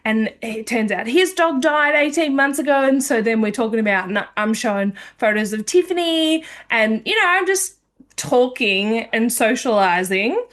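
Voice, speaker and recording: A woman's voice: fairly high pitch, expressive, normal speed, a bit bright. A woman hosting a podcast, telling a personal story in a candid, meandering way. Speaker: podcast host.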